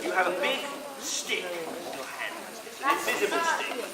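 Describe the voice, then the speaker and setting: A man's voice: high voice, huge pitch swings, normal speed. A man performing live comedy, coaxing audience volunteers on stage in a playful, theatrical manner. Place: large indoor sports hall with a live audience. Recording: echoey hall, crowd and noise behind.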